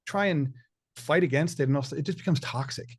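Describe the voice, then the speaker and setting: A man's voice: on the high side, a little fast, husky. A man interviewing a guest in a casual chat, supportive, often repeating words as he starts a thought.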